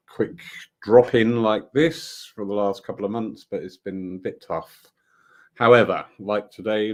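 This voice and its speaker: A man giving a rambling, enthusiastic live update to viewers about upcoming events at his centre. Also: fairly low pitch. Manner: warm, rambling, enthusiastic with frequent laughs. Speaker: spiritualist centre organiser.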